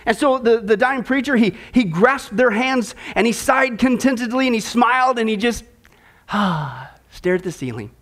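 High-voiced preacher man addressing folks. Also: moderate pace, few pauses. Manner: animated, repeats words, addresses listeners as folks. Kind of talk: sermon with a joke.

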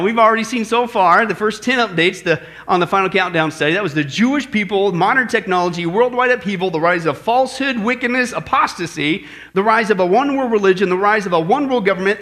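Lively pastor, high bright voice, preaching with jokes. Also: male voice. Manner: joking, energetic, talks to the congregation. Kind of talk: sermon.

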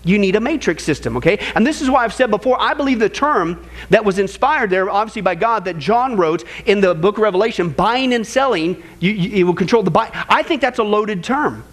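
High-voiced emphatic man preaching. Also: animated, fairly quick, hardly any pauses, fairly bright tone. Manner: emphatic, with repeated phrases and rhetorical questions; addresses listeners as folks. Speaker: Bible prophecy teacher. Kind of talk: sermon-style Bible study.

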